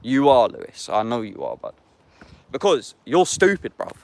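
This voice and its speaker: A young man with an English accent holds forth in casual livestream chat. His speech is loose and slang-heavy, with frequent swearing as he answers comments from his viewers. His voice sits at an average pitch. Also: wildly swooping pitch, moderate pace, vocal fry.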